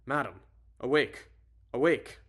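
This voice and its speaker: A frantic British butler hammers out loud, urgent calls, as a man puts him on while reading aloud. The accent is a rough attempt, and the voice stays at a middling pitch. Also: measured pace, lightly acted.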